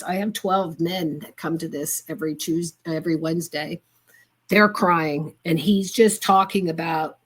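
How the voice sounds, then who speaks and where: An older woman with a somewhat low voice speaks as a guest on a talk show. She tells her story in an earnest, heartfelt way and keeps it conversational. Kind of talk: casual conversation.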